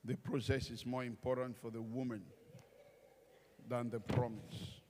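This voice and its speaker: Preaching in a church hall, a male pastor gets laughs with lively stories, voicing the people he quotes. He speaks at an unhurried pace with a medium pitch, and there is background noise along with a large hall's long reverb.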